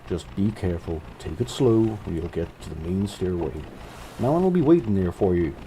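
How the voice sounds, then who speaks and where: A man's voice: sits low, lively intonation, normal speed, dark tone, slight background noise, rough recording. A man putting on a twangy friendly lighthouse keeper. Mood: welcoming. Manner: made-up American twang, Kermit-like.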